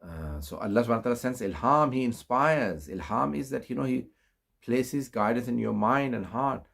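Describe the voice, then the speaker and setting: A middle-aged man preaching, telling a religious story slowly with many fillers and rising emphasis. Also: gravelly, a bit bright. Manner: unhurried, many fillers, rises in pitch for emphasis. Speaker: Islamic preacher. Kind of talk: storytelling sermon.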